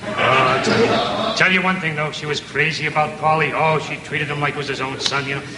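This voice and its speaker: A man's voice: a little high, fairly even intonation, a little fast, very noisy, natural voice. A man playing a chatty, gossipy cab driver who rambles and repeats himself, in an old comedy routine. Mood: gabby. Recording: echoey old live comedy recording.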